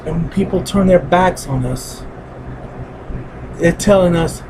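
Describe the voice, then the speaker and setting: Earnest man with a high voice, heavy-hearted solo monologue that circles back to the same points. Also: measured pace, background noise. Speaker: vlogger. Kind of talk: personal spoken monologue.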